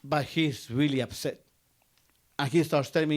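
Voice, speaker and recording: A man's voice: on the high side, normal speed. A man from Guatemala, telling a personal story on stage and acting out both sides of a conversation.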